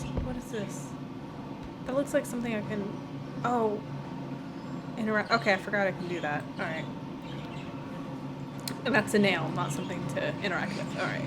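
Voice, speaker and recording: A woman playing a horror game and commenting as she goes, nervous, muttering to herself and laughing from fear. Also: medium pitch. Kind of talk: let's play commentary. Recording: home recording with noticeable background noise. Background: passing traffic noise.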